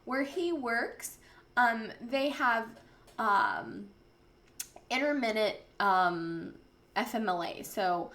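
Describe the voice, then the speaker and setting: A woman's voice: a little high, animated, very slow, fairly bright tone. A woman ranting angrily on her vlog, swearing often as she vents. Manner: angry, profane, venting. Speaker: vlogger. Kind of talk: casual vlog rant.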